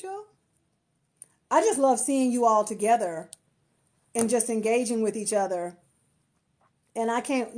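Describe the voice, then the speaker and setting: A woman talks to her followers on a phone live stream, gushing with gratitude and often restarting her sentences. Her voice sits a little high for a woman. She speaks as a marketer and empowerment coach, in a casual, chatty way. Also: mellow. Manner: effusive, grateful, lots of restarts and laughter.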